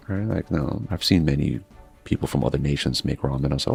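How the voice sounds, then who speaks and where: A man's voice: a bass voice, fairly even intonation, brisk, vocal fry, darkish tone, faint music behind. A man chatting casually while he plays a game, meandering between stories and swearing freely. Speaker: gaming streamer. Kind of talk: casual rambling chat while playing.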